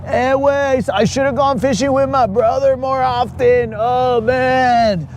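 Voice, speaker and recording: A man's voice: very high voice, fairly even intonation, drawn-out words, a little mellow, slight background noise, pitched above the performer's own voice, exaggerated voice. A man mimicking a whiny, self-pitying grown friend full of regret.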